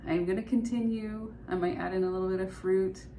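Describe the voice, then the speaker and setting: A woman's voice: mid-range voice, fairly even intonation, a little fast, dark tone, slight background noise, low-quality recording. A woman casually narrating a food vlog from her home kitchen, in a chatty, rambling, matter-of-fact way. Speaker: food vlogger. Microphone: phone held or propped nearby.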